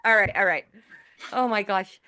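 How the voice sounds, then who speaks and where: A woman's voice: mid-range voice, moderate pace, bright, forceful tone. A woman hosting a talk show over a video call, playful and teasing, laughing often. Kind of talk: casual video call chat.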